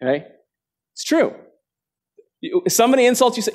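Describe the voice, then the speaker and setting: A man preaching a sermon to a live congregation, earnest and direct, often asking the listeners questions and acting out quotations with big jumps in pitch. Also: very animated, fairly quick. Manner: dramatic quotes with sharp jumps in pitch. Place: church gathering before a live congregation.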